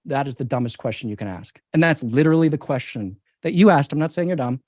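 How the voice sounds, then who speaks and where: A man's voice: mid-range voice, animated, fast, darkish tone, no echo, clean studio sound. A man, a company CEO, answering interview questions in an emphatic, persuasive way and repeating his key points.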